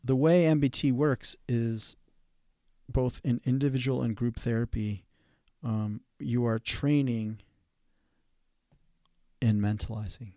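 A man, a therapist hosting a podcast, giving an instructional talk in a measured, halting way with fillers and restarts. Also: medium pitch, steady tone, dark tone, no echo, studio quality.

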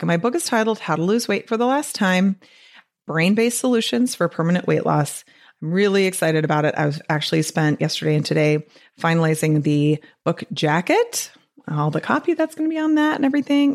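A woman from the Midwest with a Wisconsin accent, hosting a podcast in a chatty, upbeat way and laughing often. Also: on the low side. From American Midwest. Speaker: podcast host. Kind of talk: casual solo podcast talk.

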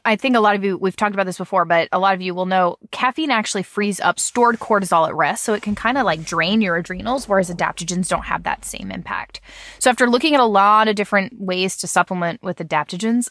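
A woman's voice: medium pitch, a little fast, a bit bright, no room sound. A woman in her thirties chats easily as a podcast host, her voice slightly nasal from a cold and full of casual fillers. The recording is close and dry, with no room sound. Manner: chatty, with fillers and light laughs. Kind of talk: casual podcast chat with a sponsor read.

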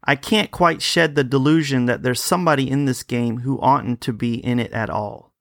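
A man's voice: medium pitch, moderate pace, gravelly, a bit bright, dry recording, studio quality. A man reading a ghost story aloud, voicing a talkative, uneasy upper-class woman at a country-house party. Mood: uneasy, chatty.

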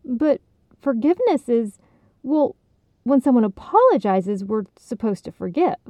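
A woman's voice: fairly high pitch, very animated, measured pace, mellow, no echo, pitched above the performer's own voice. A woman doing a tearful young woman pilgrim. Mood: unsure. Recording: tinny phone-like sound.

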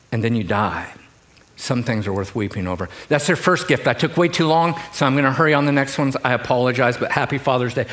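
A middle-aged pastor, preaching a sermon to a congregation in a conversational, joking way. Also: male voice, lowish voice, fairly bright tone. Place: church in front of a congregation.

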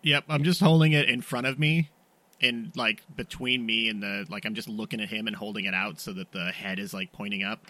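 A man at a tabletop game, speaking for his character in quick, wheedling salesman patter. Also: lowish voice, steady tone, sharp tone. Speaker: player.

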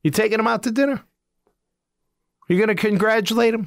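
A man's voice: high voice, a little fast, vocal fry, no room sound, studio quality. A middle-aged man, a former player hosting a sports talk show, giving blunt, emphatic opinions.

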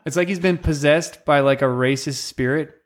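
Joking man telling stories, slightly high voice. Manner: joking, mimics people in quick put-on voices. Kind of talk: casual comedic storytelling.

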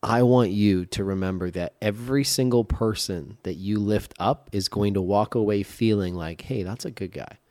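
A man's voice: lowish voice, moderate pace, hardly any pauses, darkish tone, no room sound. A man in his forties co-hosting a podcast, talking casually and leaning on "like" a lot. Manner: conversational, uses lots of "like". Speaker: podcast co-host. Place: podcast studio.

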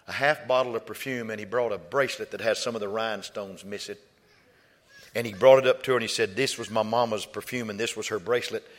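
Male preacher, bright voice, repeating phrases, long church reverb. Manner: builds from soft storytelling to loud, high-pitched exhortation. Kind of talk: sermon with storytelling.

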